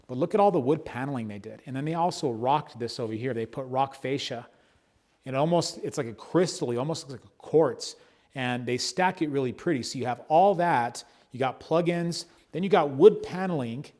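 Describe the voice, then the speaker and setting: A man in a real estate role gives an upbeat, casual walkthrough of a house. He talks as he walks from room to room and points out details along the way. His voice sits at an ordinary middle pitch. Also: a little mellow. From United States. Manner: enthusiastic, chatty, points things out as he walks. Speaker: real estate broker giving a home tour. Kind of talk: walkthrough home tour narration. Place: indoors in a large house, walking room to room.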